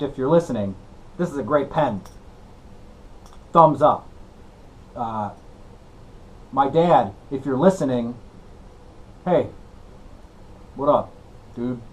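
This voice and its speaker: A young man chats through his woodworking vlog in a goofy, excitable way and now and then breaks into a shout. His voice sits a little high. It swings up and down a lot. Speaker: woodworking channel host. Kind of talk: casual workshop vlog.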